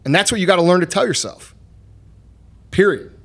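A man's voice: sits high, lively intonation, fairly quick, vocal fry, fairly bright tone. Blunt, profane man preaching tough motivation. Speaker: podcast host. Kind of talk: motivational podcast talk.

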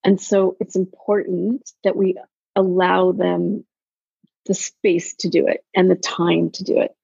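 A woman coaching in casual podcast chat, telling animated stories and acting out quotes. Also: on the low side, measured pace, vocal fry, slightly rough, no echo. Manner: animated storyteller, acts out quotes. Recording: dull, dry lo-fi sound.

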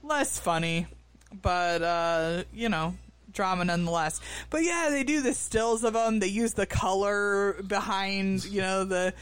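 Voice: mid-range voice, a little slow, fairly bright tone, smooth, no room sound. A podcast co-host casually recapping a reality show, full of fillers and restarts. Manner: hesitant, many fillers and restarts.

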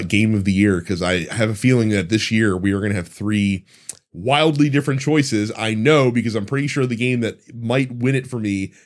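A man hosting a casual podcast who chats loosely and laughs often. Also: fairly low pitch. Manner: laughs often, lively and chatty. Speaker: podcast host.

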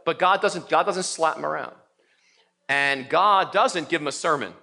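Animated, bright-voiced male pastor preaching. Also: medium pitch, normal speed. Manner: animated, acts out voices of biblical figures. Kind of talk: sermon. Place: church sanctuary in New York City.

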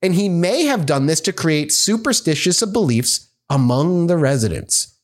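A man's voice: a little high, animated, moderate pace. Laid-back male podcast co-host. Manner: laid-back, reads news story aloud with fillers. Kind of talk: casual chat and story reading.

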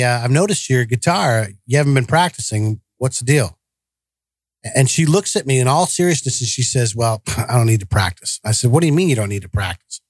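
A podcast co-host tells family stories bluntly and directly in a casual chat, acting out the quoted dialogue himself. His voice is mid-range with a darkish tone, and there is no room sound.

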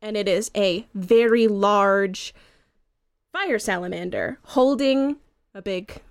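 Woman, game master, slow narration, slightly high voice, dry close sound. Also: no room sound. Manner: relaxed storytelling with fillers.

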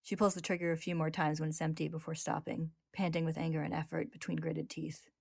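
A woman host narrating a dramatic story recap. Her voice is low and gravelly, with a dry, close sound and no room around it. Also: flat delivery, fast talker, darkish tone, no room sound. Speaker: podcast host.

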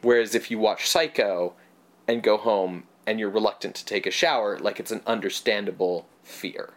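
A man's voice: on the low side, steady tone, normal speed. A man co-hosting a podcast, chatting casually and at length about films, rambling and swearing now and then. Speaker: podcast co-host. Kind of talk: casual film discussion.

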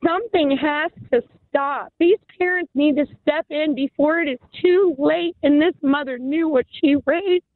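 A woman's voice: sits high, measured pace, hardly any pauses, no room sound. A woman calling in to a talk radio show, tearful and impassioned as she rambles through her grief. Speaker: caller. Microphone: telephone. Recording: tinny phone line.

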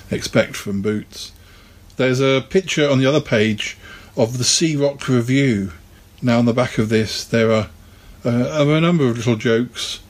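A man casually talking through an old children's annual and reading from it, relaxed and chatty with plenty of ums and asides. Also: medium pitch, slightly rough. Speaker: video host reviewing a vintage annual. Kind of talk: casual rambling commentary and read-aloud.

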